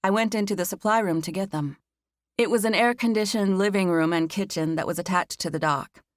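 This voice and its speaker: A woman narrating a first-person audiobook on a close studio mic, expressive and lively, and rising high for the heroine's nervous dialogue. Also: brisk, no room sound.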